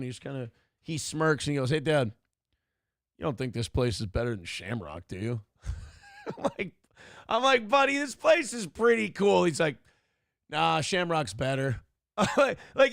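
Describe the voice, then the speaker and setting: A man's voice: on the high side, no room sound, clean studio sound. A man in his thirties hosting a live morning show, telling a family story in casual chat, swearing freely and laughing as he goes. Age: 30s.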